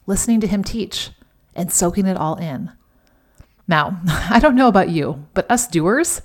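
A middle-aged woman hosting a devotional podcast in a chatty, emphatic way, with sudden animated outbursts. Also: mid-range voice. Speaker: podcast host.

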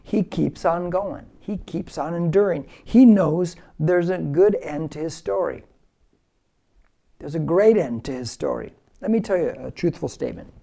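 A man's voice: fairly high pitch, lively intonation, moderate pace, vocal fry, warm tone. A male pastor preaching a verse-by-verse sermon with emphasis, leading listeners in repeating key phrases.

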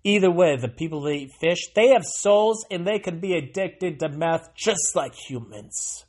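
An American man hosting a sarcastic solo monologue, reading out a news item and breaking off into mocking asides that swing from loud to muttered. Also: a little high, lively intonation, measured pace. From United States. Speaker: solo commentary host.

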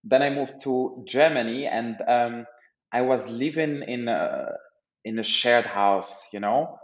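Animated man telling a funny story. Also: mid-range voice, takes it slowly, reverberant, highs cut off. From Morocco. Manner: animated storyteller, laughs often, repeats words. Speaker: podcast guest, startup founder. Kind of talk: casual storytelling interview.

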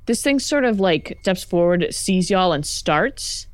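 A woman game master narrating a tabletop game in a low, unhurried voice. Her talk is casual and loose with fillers, and the sound is dry and close. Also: expressive, no echo.

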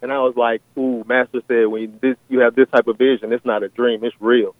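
A man's voice: mid-range voice, little pitch movement, fast talker, no room sound. A man calling in to a radio show to describe a vision, hesitant and full of fillers and restarts. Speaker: caller. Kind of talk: phone-in call sharing a vision. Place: on a phone call. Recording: tinny phone line, dry.

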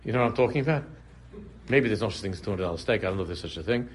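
A man's voice: fairly low pitch, animated, rapid-fire, a little hiss or hum. A man teaching a casual religious class, talking conversationally, repeating phrases and drifting into humorous examples. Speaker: Torah teacher.

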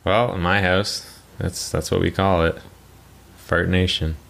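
A young man co-hosting a podcast in casual chat, telling stories with swearing and sudden high mocking voices. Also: a little slow, creaky. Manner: animated storytelling, swearing, jumps into high mocking voices for quotes. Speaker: podcast co-host.

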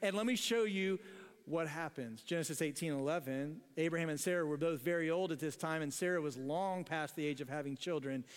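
Male pastor, high voice, joking conversational sermon, long church-hall reverb. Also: fairly quick, clear, resonant tone. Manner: conversational, joking, laughs often. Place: church sanctuary.

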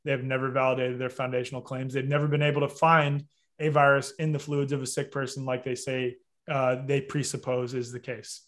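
A man's voice: medium pitch, monotone, a little fast, a bit bright. A man with a mid-range voice talks as a guest. He lays out his points step by step, with firm, lecturing emphasis. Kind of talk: interview argument.

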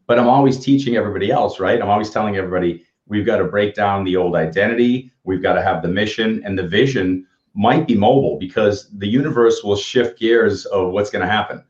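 A man's voice: on the low side, fairly quick, a little mellow. A man in his fifties co-hosting a casual livestream chat, telling upbeat motivational stories. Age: 50s. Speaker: co-host. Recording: echoey, dull lo-fi audio.

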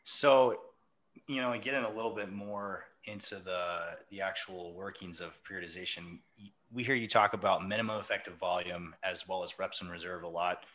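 A man interviewing a coach, asking measured, detailed questions. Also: sits low, a bit bright.

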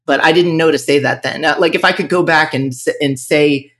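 In a podcast interview, a man who owns a music school speaks frankly and thoughtfully, often beginning sentences anew. He's from northern Virginia, and his voice is on the high side and fairly bright, moving along fairly quickly.

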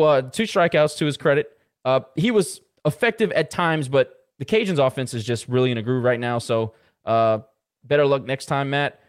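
A man co-hosting a sports podcast, casually running through baseball box scores with lots of "uh" fillers. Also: medium pitch. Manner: rattles off baseball stats with filler "uh"s. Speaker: podcast co-host.

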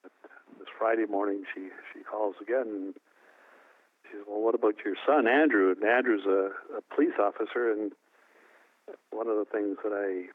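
An older man with a low voice tells a personal story in a halting way, restarting his sentences often. He is from New Brunswick, Canada. The sound is thin and phone-like, with no room echo. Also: fairly even intonation. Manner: halting, many restarts and fillers. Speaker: interview guest. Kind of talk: emotional personal recollection.

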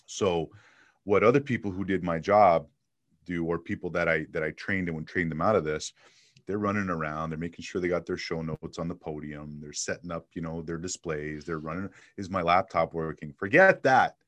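A man talking casually in an interview about selling, an energetic storyteller who acts out little bits of dialogue. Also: deep voice, normal speed, no room sound. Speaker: sales trainer and guest.

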